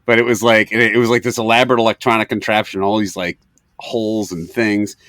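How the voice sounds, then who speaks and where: A man's voice: on the low side, little pitch movement, fairly quick, a bit bright, no room sound. A man co-hosting a podcast, telling a laid-back anecdote with casual swearing. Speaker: podcast co-host. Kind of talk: casual storytelling chat.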